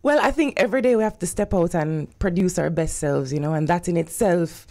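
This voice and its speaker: Poised young woman with a lower voice. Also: fairly quick. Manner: poised, warm, polished radio tone. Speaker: pageant contestant. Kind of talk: radio guest chat. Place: radio studio.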